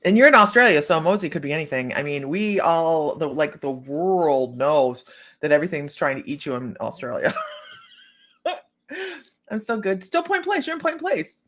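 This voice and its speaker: Low-pitched yet a bit bright, her voice is very animated and moves at a moderate pace. The woman, from Ohio in the United States, hosts a psychic reading livestream, working through cards, addressing viewers by name and laughing frequently.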